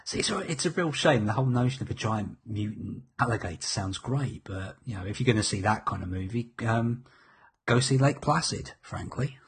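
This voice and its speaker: Low, raspy man in casual chat. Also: expressive, a little fast.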